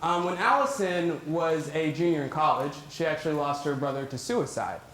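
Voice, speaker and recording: A man's voice: a little high, moderate pace, a bit bright. A young man giving a casual, joking talk to a live audience as a public speaker. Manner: joking, self-deprecating, chatty. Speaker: public speaker on mental health. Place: large echoey hall with audience. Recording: echoey hall, crowd and noise faint.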